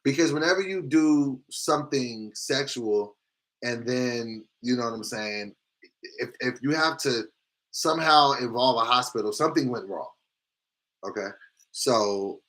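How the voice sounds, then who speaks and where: This man hosts a casual live stream and reads viewer comments aloud in a mid-range voice. His reactions are big, swinging from loud exclamations to quiet asides.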